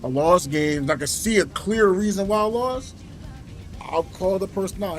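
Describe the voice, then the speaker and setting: A man streaming from home, telling a gaming story in an animated, exasperated way. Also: high-pitched, normal speed, faint music behind. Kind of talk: casual livestream rant.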